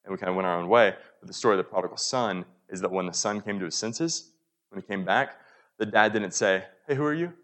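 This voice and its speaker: A man's voice: deep voice, quick pace, a bit bright. A young man preaching a sermon in an earnest, casual way, often checking in with the listeners and reaching for everyday comparisons. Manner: casual, earnest, frequent "right?" and "like" asides. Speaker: pastor. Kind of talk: conversational sermon.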